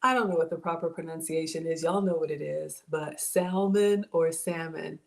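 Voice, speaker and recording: A woman's voice: deep voice, fairly even intonation, a little fast, gravelly. A woman hosting a home cooking livestream from her kitchen, chatting casually, reading out viewer comments and thanking people by name, often saying y'all. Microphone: camera.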